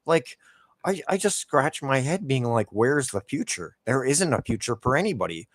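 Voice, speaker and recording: A man's voice: medium pitch, sing-song, normal speed, no echo. A man in his forties, a gaming YouTuber, ranting casually and swearing constantly while he plays. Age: 40s.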